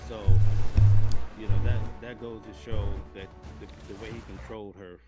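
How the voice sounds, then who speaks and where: A man with a lowish voice lays out details step by step as a guest on a casual stream. Loud game music plays behind him the whole time. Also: level tone, moderate pace. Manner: explanatory, recounting details step by step. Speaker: guest commentator. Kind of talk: casual live-stream discussion.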